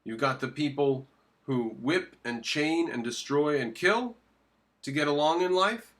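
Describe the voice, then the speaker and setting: A man giving opinionated commentary while reacting to a video clip, emphatic and quick to ask questions and answer them himself. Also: on the high side, expressive, a bit bright.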